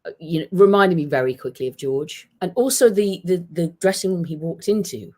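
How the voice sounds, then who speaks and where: Guest spot: woman journalist, animated, restarts a lot. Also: lowish voice, brisk. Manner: thoughtful, many restarts, animated storytelling. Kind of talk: conversational podcast interview. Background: dog nearby at home.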